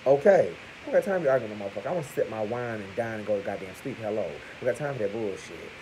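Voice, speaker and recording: A man giving crude, profane gossip commentary to his viewers, talking to them as "y'all" and punctuating points with loud exclamations. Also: on the low side, very fast, a little hiss or hum, poor audio. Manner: animated, crude, keeps calling out "Hello!". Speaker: vlogger.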